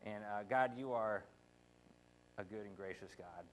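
A man thanking a speaker and then leading a halting spoken prayer for a group, with frequent pauses and uhs. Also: fairly low pitch, slight background noise, poor audio. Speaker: prayer leader.

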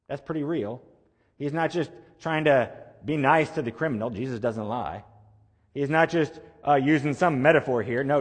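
A man preaching a sermon as a pastor, building to emphatic peaks and then dropping to quiet, slow phrase endings. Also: on the high side. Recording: long reverb of a large hall.

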